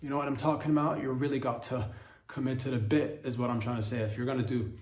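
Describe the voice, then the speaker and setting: A man's voice: mid-range voice, fast, darkish tone, distant mic. Man, comedy podcast host, rambling irreverent monologue, echoey room. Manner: rambling, irreverent rhetorical riffs.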